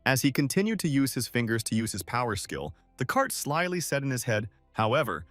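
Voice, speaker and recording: Lively male recap narrator. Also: medium pitch, a little fast, no room sound. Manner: storytelling, reading quotes in-line. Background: faint music.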